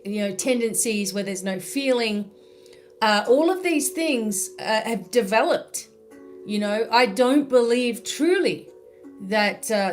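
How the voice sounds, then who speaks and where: An Australian woman speaking as a spiritual mentor in a live-stream monologue, chatty and full of "you know" and "right?". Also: medium pitch.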